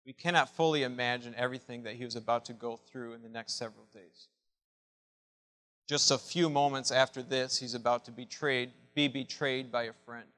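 A male preacher delivers a sermon with real passion, swinging from near-whispers up to strong, loud calls. His voice has a bright, forceful edge. It rings out with the long reverb of a large hall. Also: medium pitch, fairly even intonation, moderate pace. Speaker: pastor.

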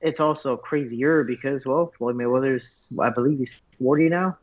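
A man, a fighter guest, telling stories in a casual interview, animated and full of fillers. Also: mid-range voice, moderate pace. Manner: animated storyteller, many fillers like "like". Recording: dull lo-fi audio.

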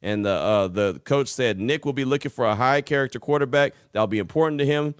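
A man's voice: mid-range voice, a little fast, clear, resonant tone, no echo, clean studio sound. A man hosting a sports podcast, casually running through news reports. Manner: casual, chatty, reads reports aloud. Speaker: podcast host.

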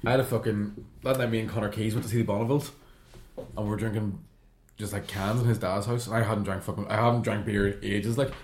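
A man's voice: fairly low pitch, steady tone, fast, a little mellow, reverberant. Man, swearing, self-mocking stories. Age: late 20s. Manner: swearing, self-mocking storyteller, says "aye" often. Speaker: podcast guest. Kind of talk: casual comedy chat.

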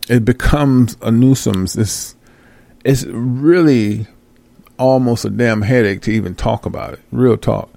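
A man's voice: mid-range voice, gravelly, a little mellow, no room sound. A man hosting a talk show, ranting in an exasperated, profane way and laughing often. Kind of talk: casual ranting commentary.

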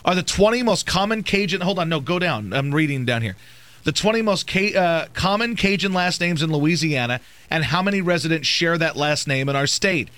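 A man's voice: a little high, expressive, fairly bright tone, no room sound. Teasing sports radio host, man. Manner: teasing, quick, playful.

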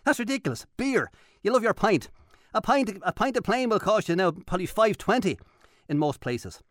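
A man's voice: high voice, sing-song, normal speed, no room sound, clean studio sound. An Irish man hosting a radio show, delivering an impassioned, emphatic monologue and hammering his points home by repeating them. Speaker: radio host. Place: radio studio. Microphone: studio microphone.

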